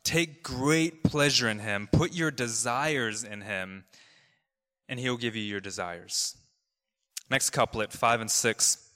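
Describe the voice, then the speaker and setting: Male pastor, conversational sermon, bright voice, filler-heavy delivery, long hall reverb. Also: mid-range voice, slow. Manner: chatty, loose, many fillers and restarts. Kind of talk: casual storytelling sermon.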